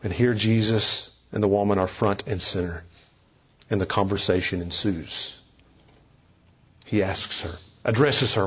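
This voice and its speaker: A man's voice: lowish voice, measured pace, pauses often, breathy edge, lo-fi sound. A man preaching a sermon as a pastor, earnest and emphatic, stressing key phrases.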